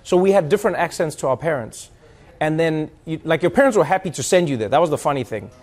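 A man from South Africa telling a lively, animated story in casual chat, slipping into other people's accents. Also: a little high, fast talker. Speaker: host.

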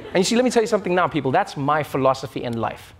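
A man's voice: on the high side, animated, rapid-fire. A man hosting a late-night comedy monologue, playful and laughing through his jokes in a TV studio. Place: TV studio with audience. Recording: studio audience noise.

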